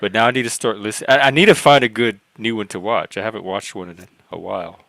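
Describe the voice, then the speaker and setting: A man's voice: lowish voice, quick pace, gravelly, sharp tone, no echo. A man in a casual online panel discussion, curious and thinking aloud as he asks questions. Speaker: panel co-host.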